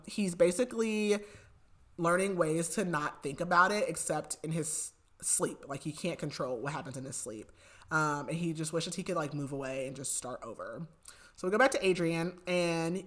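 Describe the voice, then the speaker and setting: A woman's voice: low voice, a bit bright. A woman podcast host casually retelling a book's plot, chatty and full of fillers. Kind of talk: casual book recap.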